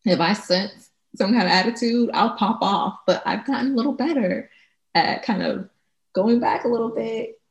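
A woman co-hosting a casual podcast chat, laughing often and animated when she acts out what others say, recorded at home. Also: fairly high pitch, normal speed, creaky, reverberant. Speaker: podcast co-host. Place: home with traffic noise outside.

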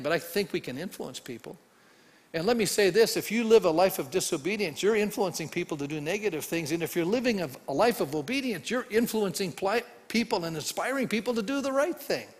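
A male pastor with a high voice preaches with animation, acting out the voices in his stories and swinging from loud to hushed. His voice rings through a church hall with a long reverb tail. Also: expressive, brisk. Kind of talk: sermon.

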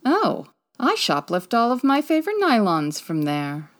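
A woman's voice: on the high side, wildly swooping pitch, unhurried. A woman playing a confident, breezy female private detective in 1940s radio style, arch and theatrical.

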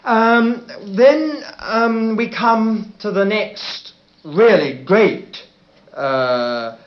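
A man teaching a sermon about Bible versions, speaking in a deliberate way and often adding "you see". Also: high-pitched, animated. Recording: roomy, muffled old recording.

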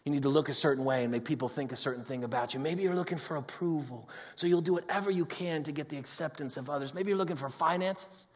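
A man preaching a sermon in a conversational way, moving between loud excitement and hushed, intimate talk. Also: fairly high pitch, quick pace, few pauses. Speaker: pastor. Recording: long hall reverb.

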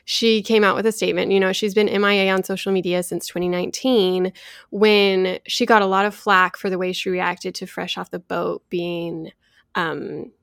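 A woman's voice: mid-range voice, level tone, moderate pace, no room sound. Woman gossiping on a podcast, lots of "like", dry close mic. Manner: chatty, lots of "like" fillers. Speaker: podcast co-host. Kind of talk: casual pop culture chat.

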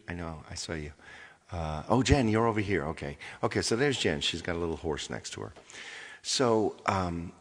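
Man, very deep voice, husky, rambling casual story to fans, long reverb. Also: fairly bright tone. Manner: rambling, repeats phrases, says okay often. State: tired. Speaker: touring performer addressing fans.

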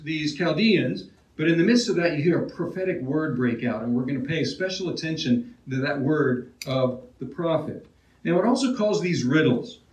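A man preaching an expository sermon in a conversational way, often restarting phrases and asking his listeners questions. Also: on the high side. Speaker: pastor. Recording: roomy, heard from a distance.

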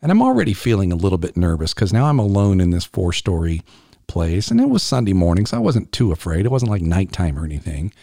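A middle-aged man tells a personal story on his podcast in an earnest, halting way, often circling back over his words. His voice sits low and sounds warm and mellow. The recording is dry and close, with no room echo. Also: wildly swooping pitch, vocal fry.

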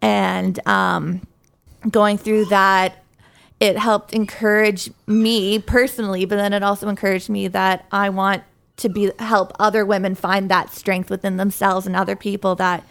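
A woman's voice: medium pitch, level tone, a little slow, gravelly, fairly bright tone, smooth. A woman speaking as a guest, telling her faith story candidly and earnestly, with light laughs at herself. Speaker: guest sharing her testimony. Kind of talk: personal faith testimony in conversation.

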